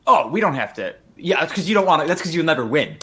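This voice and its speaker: A man's voice: on the high side, big pitch swings, fast talker, fairly bright tone, husky. Laid-back young man hosting a podcast. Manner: laid-back, explains the show's format. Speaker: podcast host. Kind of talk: casual chat.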